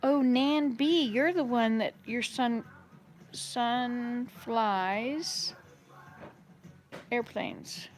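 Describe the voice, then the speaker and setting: A chatty woman with a slightly high voice hosts a casual live stream from her kitchen. She rambles from topic to topic and answers viewers' comments as they come in. Faint music plays in the background. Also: very slow, long pauses. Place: home kitchen.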